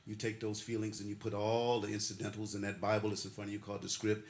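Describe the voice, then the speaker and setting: A man's voice: fairly low pitch, completely flat delivery, fast. An older man giving a heartfelt, emotional acceptance speech at an awards ceremony. He talks with laughter and builds his points through repeated, preacherly phrases. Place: ceremony hall. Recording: echoey hall with faint noise.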